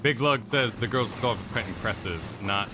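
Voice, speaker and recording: A man's voice: fairly low pitch, moderate pace, noisy background. A man co-hosting a game stream in a laid-back, casual chat. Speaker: co-host streamer. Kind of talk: casual let's-play chat. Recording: faint game music behind.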